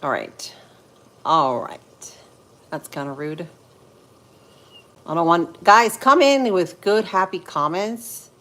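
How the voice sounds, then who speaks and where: A woman in her thirties from Central Florida hosts a casual livestream, chatting with viewers as she cooks. She talks at an unhurried pace, pausing and filling gaps as she thinks aloud. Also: on the low side, animated, a bit bright. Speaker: livestream host. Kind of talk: casual live-stream chat while cooking.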